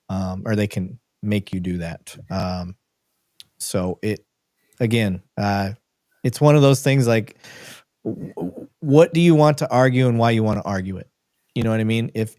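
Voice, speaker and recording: A man's voice: mid-range voice, a little mellow. A man who is a police detective, chatting as a guest on a livestream. His friendly, plain-spoken advice comes through with a dry, close sound and no room echo. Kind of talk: casual livestream chat.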